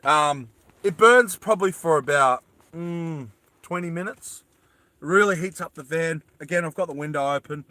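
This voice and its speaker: Man, Australian accent, bright tense voice, fairly high, rambling livestream chat, greets viewers, dry close sound. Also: moderate pace, dry recording. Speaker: live streamer. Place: inside a small van.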